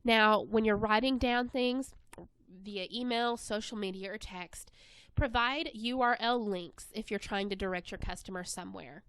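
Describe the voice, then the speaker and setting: A woman presenting an instructional webinar in an even, scripted narration. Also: medium pitch, moderate pace, clear, resonant tone, no room sound.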